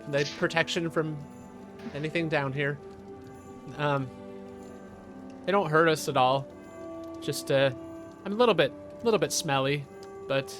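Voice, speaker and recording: A man's voice: fairly high pitch, lightly acted. A man voicing a meek, apologetic human mother in her late forties, stammering nervously.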